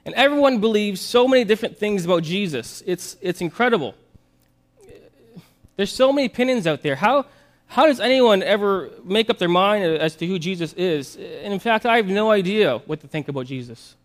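A worried, skeptical man adrift on a raft talks in a fairly high voice, as a preacher puts him on in his sermon story. He sounds defensive and self-assured. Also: expressive, moderate pace.

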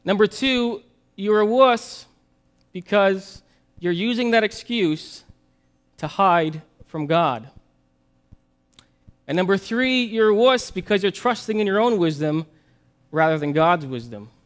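A blunt, earnest man of faith stranded on a raft speaks in a high, bright voice, as a preacher plays him in a story. He challenges his friend directly. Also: animated, slow, long pauses.

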